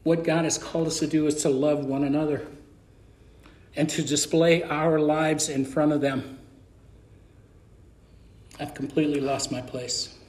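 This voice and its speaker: A man's voice: on the high side, steady tone, measured pace, long pauses, a little mellow. A middle-aged man preaching a sermon as pastor, telling a story and acting out the dialogue. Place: church sanctuary. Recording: echoey church room.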